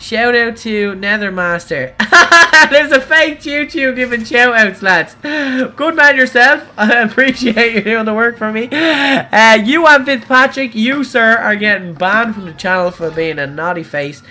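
A man, streaming a racing game live and talking to chat, excitable and crying out at crashes. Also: very high voice, measured pace, hardly any pauses. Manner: excitable, cries out at crashes and wins. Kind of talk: live gameplay commentary.

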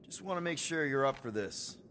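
A man's voice: medium pitch, lively intonation, fairly quick, fairly bright tone, a little hiss or hum, close to an everyday voice. An actor voicing an earnest, insistent male team leader in a video game, loyal to his friends. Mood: encouraging.

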